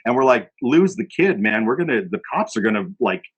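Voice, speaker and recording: Man, band member, husky voice, rambling storyteller who repeats lines and mimics people. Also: medium pitch, big pitch swings, brisk, muffled recording. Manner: rambling, repeats phrases, acts out quotes. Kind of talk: casual storytelling among bandmates.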